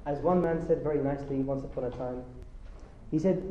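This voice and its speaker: A man's voice: on the high side, a little fast, slight background noise. A man giving a religious lecture, impassioned and rhetorical, asking his audience questions. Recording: roomy lo-fi lecture hall recording.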